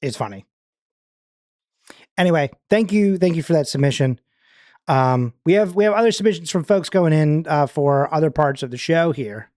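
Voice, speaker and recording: A man's voice: a little high, animated, moderate pace, a little mellow, dry recording, studio quality. A man hosting a livestream in casual, rambling chat, full of fillers and restarts. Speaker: livestream host.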